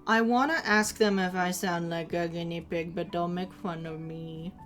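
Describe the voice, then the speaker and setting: A woman's voice: lowish voice, steady tone, normal speed, a bit bright, soft background music. A young adult woman streaming, chatting casually with viewers in a giggly, chatty, self-deprecating way. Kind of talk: casual live-stream chat.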